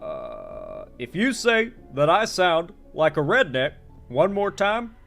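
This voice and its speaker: A man doing a measured presidential impression. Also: on the high side, huge pitch swings, vocal fry, fairly bright tone, faint music behind, exaggerated voice.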